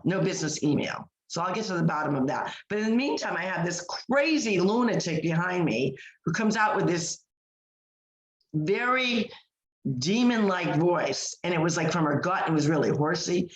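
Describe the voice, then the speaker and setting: A woman's voice: on the low side, animated, normal speed. A woman co-hosting a podcast, telling a story in casual chat with emphatic delivery, full of fillers and restarts. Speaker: podcast co-host. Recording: echoey room.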